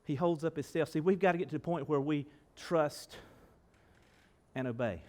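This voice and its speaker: Speaking at a moderate pace in a fairly high-pitched voice, a man preaches to his flock inside a church sanctuary. As their pastor he's folksy and animated, his volume rising and falling, and he frequently questions the room directly.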